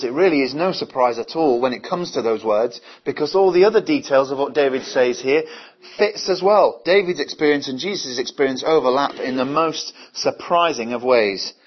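Male preacher, mid pitch, husky voice, earnest sermon full of rhetorical questions, dull lo-fi recording.

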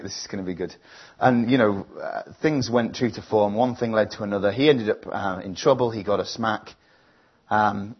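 A man's voice: lowish voice, breathy edge, dull audio. A man preaching a sermon, telling a family story in an earnest, reflective way before leading a prayer.

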